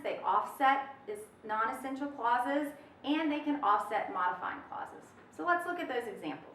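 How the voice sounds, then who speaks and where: Bright-voiced woman teaching grammar. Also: sits high, far from the mic, slight background noise. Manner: lively, folksy teacher talk, drawn-out emphasis on examples. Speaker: test prep instructor. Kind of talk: webinar grammar lesson. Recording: echoey room, off-mic.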